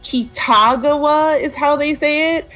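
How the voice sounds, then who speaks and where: A woman's voice: mid-range voice, moderate pace, soft background music. A woman co-hosting a game stream, rambling casually with many fillers. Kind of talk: casual gameplay chat.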